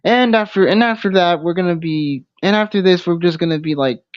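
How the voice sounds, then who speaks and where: A man hosting a casual live stream. He talks haltingly, stopping and restarting his sentences often. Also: high voice, no echo. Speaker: stream host. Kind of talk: casual livestream chat. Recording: dull lo-fi stream audio.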